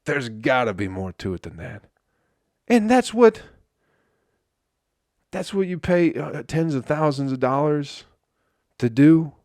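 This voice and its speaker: A male comedian hosting a solo podcast, ranting in an exasperated, profane way with sudden loud outbursts. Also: a little high, sing-song, slow, long pauses, no echo, clean studio sound. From Flint, Michigan.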